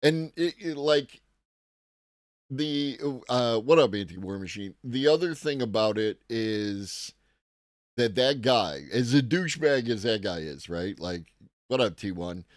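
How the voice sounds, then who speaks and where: A man's voice: mid-range voice, lively intonation, unhurried, no echo, studio quality. A man hosting a live tech-news commentary stream, talking casually and profanely with a rambling manner while greeting chat viewers.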